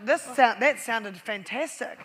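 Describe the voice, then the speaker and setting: Female NZ-stage host, high and bright, chatty, reverberant theatre sound. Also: unhurried, slight background noise. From New Zealand. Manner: casual, chatty, laughs often. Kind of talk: live stage chat show.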